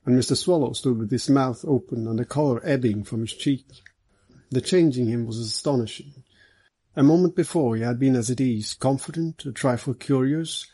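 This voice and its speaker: Gravelly, dark-voiced male narrator. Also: medium pitch. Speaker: audiobook narrator. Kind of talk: scripted narration of a detective novel.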